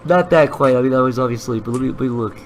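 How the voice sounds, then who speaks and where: A man's voice: medium pitch, racing, slight background noise, low-quality recording. A man hosting a livestream and chatting casually over a call, joking and swearing freely. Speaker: stream host, artist. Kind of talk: casual voice chat.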